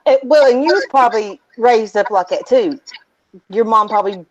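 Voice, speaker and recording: A woman, chatting casually and breaking into loud exclamations. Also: fairly high pitch, animated, normal speed, poor audio. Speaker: guest on a chat. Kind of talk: casual chat.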